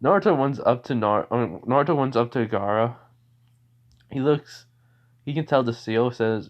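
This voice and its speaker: A man's voice: medium pitch, animated, normal speed. Rambling young man retelling a fan story. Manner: rambling, many fillers and restarts, laughs often. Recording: dull lo-fi recording.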